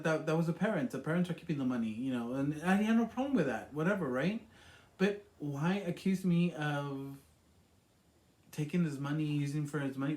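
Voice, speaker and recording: A man's voice: on the high side, a little mellow. A man telling a personal story in a rambling, emotional way, with many fillers and repeated words. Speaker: vlogger. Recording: echoey room.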